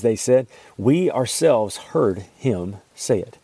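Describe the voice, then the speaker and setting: Gravelly-voiced man teaching the Bible. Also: medium pitch, lively intonation, mellow, dry recording. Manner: reads scripture aloud, then pauses to explain it. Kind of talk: Bible reading and devotional teaching.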